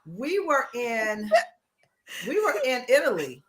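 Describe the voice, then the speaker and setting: A woman co-hosts a radio talk show from a studio, spinning an animated story and acting out every quoted line. Her voice sits fairly high and sounds bright and forceful. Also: slow. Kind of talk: casual chat.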